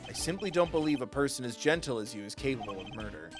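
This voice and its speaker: A man voicing a composed, formal male prosecutor in a video game, measured and dry. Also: big pitch swings, music in the background, lightly acted. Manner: low, measured and dryly formal.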